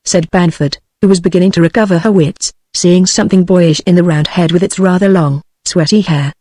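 A text-to-speech voice of a woman with a British English accent, reading a novel aloud in an even, measured way. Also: lowish voice, no room sound, clean studio sound. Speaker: audiobook narrator.

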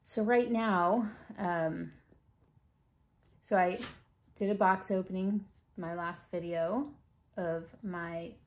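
A woman chatting casually to camera about her collection, often dropping into soft whispers. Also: fairly low pitch, slow, long pauses. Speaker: doll collector vlogger.

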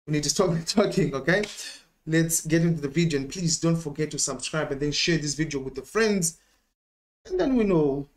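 A man hosting a music reaction video in a casual, excitable way, laughing often and tagging his sentences with "man" and "okay?". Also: on the high side.

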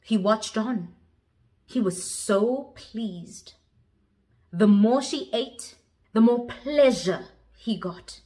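A woman's voice: a little high, drawn-out words, long pauses, warm tone. A young woman tells a story in a dramatic vlog style. She switches languages mid-sentence, and her voice sits a little above the usual for a woman. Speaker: vlogger.

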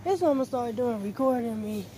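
Recorded on a phone inside a noisy discount store, a woman vlogs casually while shopping, talking to herself in slang and sounding breathless behind a face mask. Her voice is fairly high, animated and fast.

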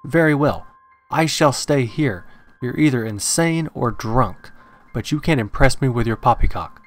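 A man voicing a quick-tempered, defiant male novelist who snaps indignantly in a read-aloud horror story. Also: mid-range voice, expressive, faint music behind, pitched above the performer's own voice, natural voice. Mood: snapping. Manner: snappish, indignant.

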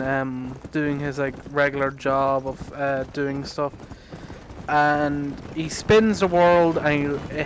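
Ranting guy, fairly high voice. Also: fairly bright tone, a little hiss or hum, low-quality recording. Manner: chatty, swears a lot, laughs at own rants. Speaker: gaming commentator. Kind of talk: rambling casual storytelling over gameplay.

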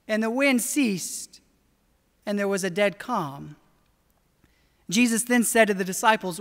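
A high-voiced woman preaching a sermon in a church sanctuary. She speaks earnestly and draws out her key phrases. A long, ringing reverb hangs on every word. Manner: earnest, slows down for emphasis. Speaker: pastor.

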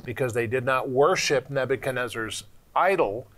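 A man with a mid-range voice hosts a ministry television program, teaching in an earnest, preacherly way. He slows down and leans on his key points as he exhorts his listeners. The sound is clean studio audio. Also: mid-range voice, a bit bright. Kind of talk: preacherly Bible discussion.

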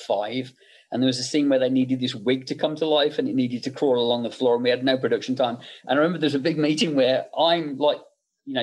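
A middle-aged special make-up effects artist, appearing as a podcast guest, tells anecdotes full of self-interruptions and chuckling asides. His voice is medium in pitch with a darkish tone.

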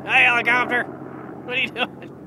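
A woman voicing a goofy, excitable male pig who chats in a silly way outdoors. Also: fairly high pitch, normal speed, background noise, close to an everyday voice. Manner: silly, chatty, bursts of shouting and giggles. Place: outdoors in the cold.

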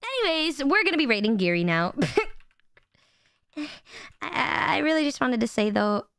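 A woman's voice: sits high, very animated, unhurried, vocal fry, a bit bright, dry recording. A woman streamer in casual chat with her viewers, rambling and playfully crude, often stammering and repeating words.

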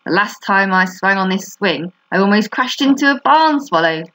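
A woman's voice: mid-range voice, lively intonation, moderate pace, fairly bright tone, husky, low-quality recording. A woman voicing an eager young boy while reading a storybook aloud. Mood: boasting.

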